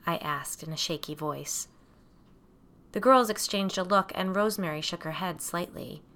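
Woman reading a story out loud first person, lowish voice but bright and pushed. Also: normal speed. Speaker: audiobook narrator. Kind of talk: first-person audiobook narration.

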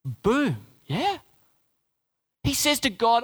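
A man preaching a sermon in an animated, joking manner, asking the audience questions. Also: sits high, moderate pace, big-room sound.

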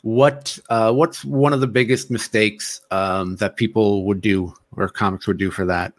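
A man's voice: fairly low pitch, fairly even intonation, unhurried. A man hosting a podcast, asking questions hesitantly with many fillers. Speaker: podcast host. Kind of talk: casual interview questions.

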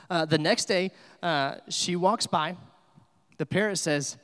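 A male pastor with a fairly high voice preaches in a relaxed, storytelling way, full of ums and restarts. His voice trails off in the long reverb of a church hall. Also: normal speed. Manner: conversational, storytelling with many fillers. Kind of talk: sermon.

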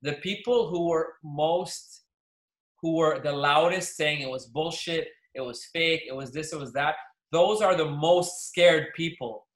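A man co-hosting a podcast, telling stories in a casual, profane and animated way. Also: a little high, a little slow, echoey room. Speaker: podcast co-host, pharmacist. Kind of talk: casual chat.

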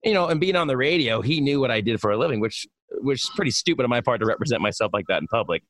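A man's voice: medium pitch, expressive, rapid-fire, a bit bright, no echo. A man telling a rambling story in casual chat, full of fillers and swearing. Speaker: radio personality.

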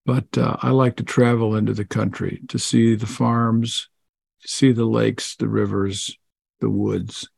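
A man answering interview questions in a relaxed, chatty way. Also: lowish voice, unhurried, vocal fry, husky, dry recording. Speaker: guest author.

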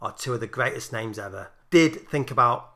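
A man's voice: mid-range voice, expressive, a little fast, fairly bright tone. A man with a Lancashire accent co-hosting a casual chat, swearing and riffing on funny names. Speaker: podcast co-host.

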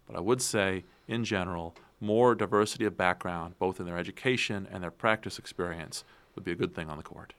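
A man speaking as a guest in a political interview, measured and analytical, often repeating words as he thinks. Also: low voice, fairly bright tone. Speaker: guest commentator.

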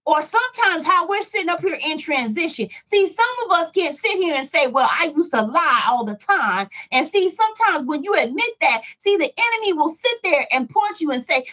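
A middle-aged woman with a high, fairly bright voice preaches a Bible study to listeners. She is emphatic and repetitive, and she asks many rhetorical questions. The recording is dull and lo-fi.

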